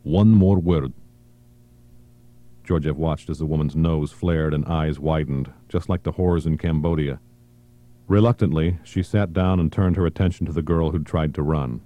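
Deep, dark-voiced male thriller narrator. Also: fairly even intonation, moderate pace. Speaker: audiobook narrator.

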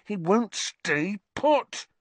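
A man voicing a hot-tempered teenage boy in an audiobook, hissing and snapping in sharp outbursts. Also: high-pitched, big pitch swings, very slow, no room sound, voice pushed up, heavily acted. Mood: frantic hissing. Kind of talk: audiobook character voice.

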